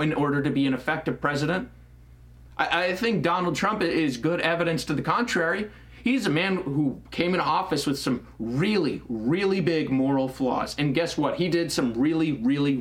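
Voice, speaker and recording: A man's voice: fairly high pitch, fairly bright tone. Heated stammering man ranting. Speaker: podcast host. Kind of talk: opinion monologue.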